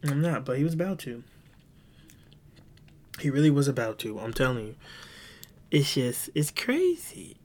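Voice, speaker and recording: A man's voice: mid-range voice, measured pace, pauses often. Rambling, swearing podcast guy. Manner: rambling, animated storytelling with many restarts; swears casually. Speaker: podcast host. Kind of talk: casual chat.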